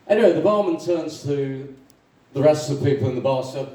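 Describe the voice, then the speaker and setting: A man's voice: medium pitch, lively intonation, warm tone. Rambling stand-up man, echoey club. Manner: halting, full of ums, laughs at own jokes. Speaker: open mic stand-up comedian. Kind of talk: rambling stand-up joke telling. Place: small comedy club stage. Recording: echoey club room, distant mic, faint noise.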